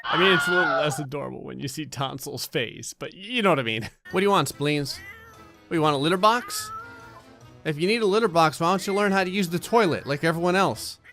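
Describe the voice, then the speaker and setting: A man giving sarcastic, comedic commentary over a life-sim game, often jumping into silly high voices. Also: expressive, fairly quick, pushed and bright, faint music behind. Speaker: gaming channel host.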